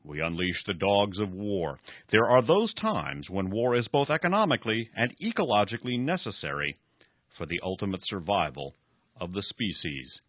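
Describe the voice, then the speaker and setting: A man voicing a frail, dying old man who coldly lectures with a raspy voice. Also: on the low side, sing-song, normal speed, no room sound, lo-fi sound. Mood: cold, lecturing. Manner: raspy, pronouncing grim verdicts.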